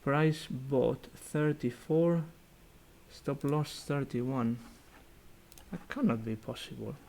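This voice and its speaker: Slow, halting young man reviewing trades. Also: medium pitch, gravelly, mellow, a little hiss or hum. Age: young adult. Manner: halting, thinking aloud with many fillers. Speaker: student investment society organiser. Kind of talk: virtual meeting portfolio review. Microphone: computer mic on a video call.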